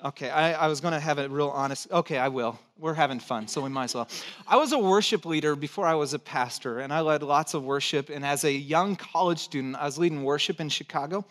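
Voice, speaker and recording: Man, pastor, sermon, high-pitched voice, emphatic, repetitive, conversational. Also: quick pace, a bit bright. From born in Texas, raised in California. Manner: emphatic, repeats key phrases, conversational asides.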